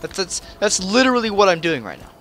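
Male let's-play host, furious profane rant, stammers; tense bright voice, lively pitch. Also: quick pace. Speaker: gamer. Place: at home playing on a television.

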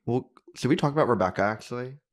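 A man in casual podcast chat, lively and steering the conversation along. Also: mid-range voice, fast. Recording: roomy echo.

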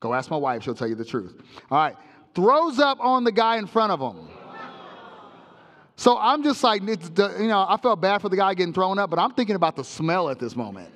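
A male pastor preaching a sermon, telling a comic story with sound effects in an animated way. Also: high-pitched, brisk, in a large hall. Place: church sanctuary.

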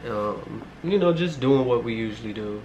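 A man's voice: medium pitch, lively intonation, moderate pace, a little mellow, highs cut off, slight background noise. A man in his twenties casually telling a personal story to his viewers, rambling, with lots of filler words and swearing. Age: 20s. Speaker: storytime vlogger.

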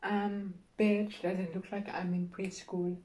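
A woman's voice: medium pitch, level tone, unhurried, background noise. A girl hosting her own comedy skit show, talking sassily with lots of swearing and giggles. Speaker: skit host.

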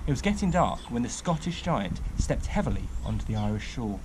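A man reads a picture-book tale aloud and drops chatty asides to his listeners. His voice rises and falls in a lively way. Loud background noise runs through the recording. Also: medium pitch, a little fast, hardly any pauses. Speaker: storyteller.

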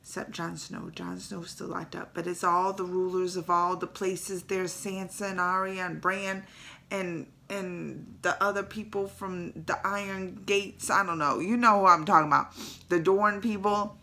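A woman hosting a casual reaction video, retelling a story in an excitable, emotional way with dialect phrases and a creaky, teary edge. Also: lowish voice, a little slow. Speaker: YouTube reaction host.

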